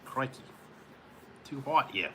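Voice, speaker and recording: A man's voice: mid-range voice, expressive, takes it slowly, pushed and bright, a little hiss or hum. A man hosting a live stream, chatting casually with viewers in a rambling way and chuckling often between remarks. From California. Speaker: live-stream host reading chat.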